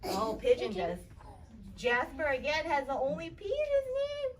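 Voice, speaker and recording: A young woman teaching kindergarten, upbeat and encouraging, sounding out letters slowly for the children. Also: high voice, huge pitch swings. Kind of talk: interactive classroom teaching. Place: kindergarten classroom. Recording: distant, noisy classroom recording.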